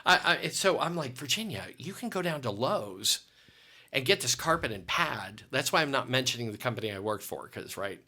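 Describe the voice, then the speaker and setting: Lively expressive man telling a story. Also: medium pitch, brisk. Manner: expressive, self-deprecating, restarts often. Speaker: guest consultant. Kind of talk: animated storytelling in an interview.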